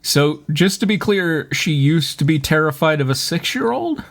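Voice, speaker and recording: A man's voice: fairly high pitch, expressive, normal speed, vocal fry, fairly bright tone. A male podcast host reading fanfiction aloud for laughs, mock-dramatic and often breaking into laughter.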